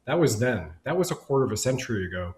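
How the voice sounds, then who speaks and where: A man's voice: mid-range voice, sing-song, fast talker, a little mellow, reverberant, rough recording. A man speaking as a guest on a panel discussion, rambling and emphatic in long run-on sentences over a video call.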